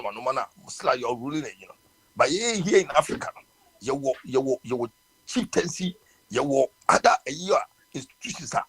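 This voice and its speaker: A man's voice: fairly high pitch, fairly bright tone, breathy edge. A man with a Ghanaian accent hosting a live radio talk show, speaking passionately and mixing in English with many restarts. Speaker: radio host.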